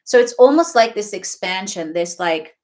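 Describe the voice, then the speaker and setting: A woman's voice: mid-range voice, lively intonation, normal speed, darkish tone. A young adult woman giving a casual, rambling oracle card reading, chatty and often laughing between thoughts. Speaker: tarot reader.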